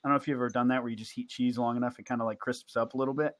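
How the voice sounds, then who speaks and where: A man's voice: medium pitch, fairly even intonation, very fast, no room sound. A man co-hosting a casual podcast, telling a story and laughing often as he talks, into a headset mic. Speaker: podcast co-host. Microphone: headset mic with big headphones.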